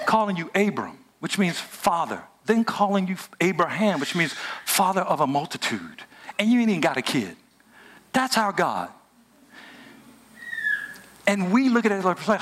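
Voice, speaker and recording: A man preaching a lively, joking sermon in casual everyday speech and talking back and forth with a live audience. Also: high voice, normal speed, long pauses. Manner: animated, joking, colloquial, talks with the audience. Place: hotel event room before a live audience.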